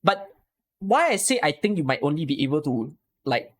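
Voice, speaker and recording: A man's voice: fairly high pitch, big pitch swings, moderate pace, fairly bright tone. A man, coaching a viewer through a game strategy on a live stream and asking frequent rhetorical questions. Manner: explains patiently with many rhetorical questions.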